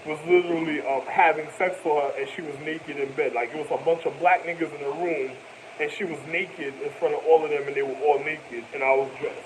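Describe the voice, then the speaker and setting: Young man, higher voice, rambling, animated, profane slang, faint background noise. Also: low-quality recording. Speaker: vlogger. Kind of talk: rambling personal storytelling.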